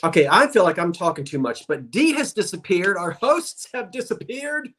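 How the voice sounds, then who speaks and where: A man's voice: high-pitched, sing-song, normal speed, fairly bright tone. A man with a South Jersey Delaware Valley accent, chatting and rambling on a video call livestream. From South Jersey, USA. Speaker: guest on livestream. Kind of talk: casual livestream chat.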